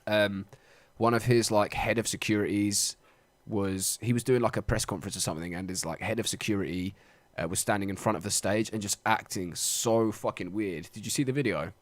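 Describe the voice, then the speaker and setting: A man's voice: lowish voice, fairly quick, no echo. A young man co-hosting a podcast, chatting casually, sweary and jokey. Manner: sweary, jokey, puts on mock voices. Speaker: podcast co-host. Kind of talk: casual banter.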